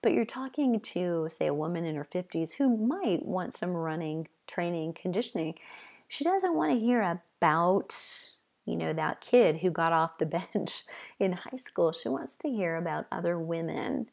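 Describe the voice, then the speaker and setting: Lower-voiced woman coaching fitness trainers. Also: expressive, a little slow, creaky, darkish tone. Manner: conversational, with frequent "you know" and list-like repetition. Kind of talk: advice talk to fitness trainers.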